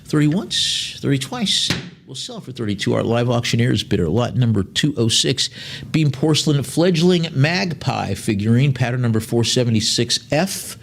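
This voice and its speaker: A man working as an auctioneer, calling bids quickly and describing each lot in a slower, chatty way with dry jokes. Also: medium pitch, vocal fry.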